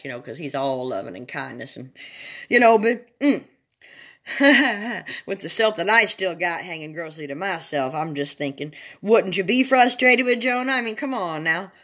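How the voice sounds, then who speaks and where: A woman reading Bible chapters aloud in a sing-song, drawn-out dramatic way, breaking off for chatty asides to her listeners. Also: medium pitch, a bit bright. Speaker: Bible reader.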